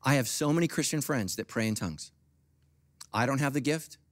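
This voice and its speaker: A middle-aged man preaching a sermon as pastor, swinging from quiet, confiding asides to loud, high-pitched bursts. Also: expressive, brisk, no room sound.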